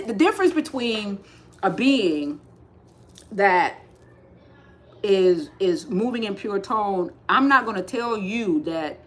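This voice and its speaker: A woman giving a slow, repetitive spiritual talk on a livestream, speaking with emphatic insistence. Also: mid-range voice. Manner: rising to forceful insistence. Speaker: spiritual teacher.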